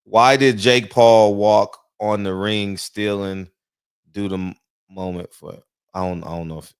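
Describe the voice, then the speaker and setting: A man with a very low voice hosts a casual chat in a dry room. He speaks haltingly and often stumbles and restarts mid-sentence. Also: steady tone, clear, resonant tone, no room sound. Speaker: host.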